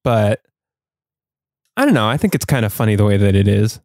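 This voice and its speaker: A man hosting a podcast in casual chat. He laughs often and talks quickly. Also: fairly low pitch, very animated, darkish tone, dry recording, clean studio sound. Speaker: podcast host.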